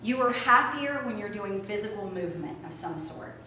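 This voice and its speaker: Animated woman teaching in an echoey room. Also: mid-range voice, normal speed. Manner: animated, swings from soft to loud. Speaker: spiritual teacher. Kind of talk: talk to a small group. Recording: echoey room from a distance, faint noise.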